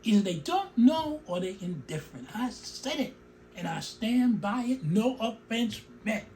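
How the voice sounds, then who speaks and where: Middle-aged male host, emotional opinion monologue, very lively pitch. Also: a little slow, a little hiss or hum. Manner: animated, emotional, digresses and comments on his own speech. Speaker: show host.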